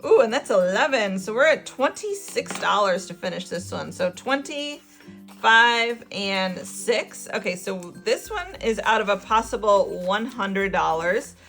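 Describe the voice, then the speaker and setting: A woman's voice: mid-range voice, very animated, measured pace, creaky, fairly bright tone, faint music behind. A middle-aged woman hosting a budgeting channel, chatting casually and laughing as she counts money aloud. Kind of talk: casual chat while cash stuffing.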